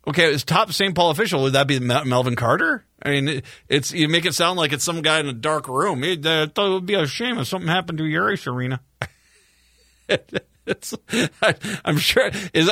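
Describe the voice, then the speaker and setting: A man's voice: a little high, sharp tone, no room sound, clean studio sound. A male radio talk show host from Minnesota, chatting casually with rambling repeats and sarcastic asides. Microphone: studio microphone.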